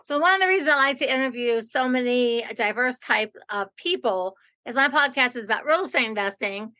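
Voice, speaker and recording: A woman's voice: on the high side, animated, brisk, sharp tone, dull audio. A woman in her sixties hosting a podcast interview, chatty and playful, with a lot of "like". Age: 60s. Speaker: podcast host. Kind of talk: casual interview.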